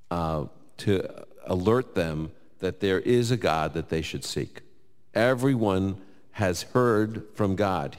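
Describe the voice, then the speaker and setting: Deep-voiced New York man in a hall. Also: clear, resonant tone. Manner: conversational, lively, quotes scripture, jokes. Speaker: Bible teacher answering audience questions. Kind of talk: live Q&A before an audience. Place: large hall with live audience.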